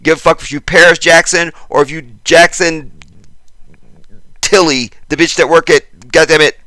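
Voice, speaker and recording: Man, video host, casual commentary, excitable, repeats himself, bright forceful tone, dry close sound. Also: on the high side, moderate pace, no room sound. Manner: talks straight to viewers. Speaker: channel host.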